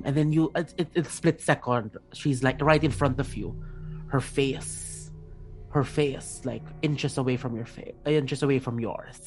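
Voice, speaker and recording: Male game master, halting narration, music behind. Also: mid-range voice, fairly even intonation, a little mellow, poor audio. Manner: hesitant, lots of fillers and restarts.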